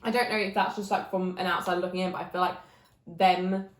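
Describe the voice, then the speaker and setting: A young woman, a guest talking casually and thinking out loud. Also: lowish voice, flat delivery, brisk. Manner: chatty, thinks aloud with restarts. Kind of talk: casual chat. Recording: roomy echo.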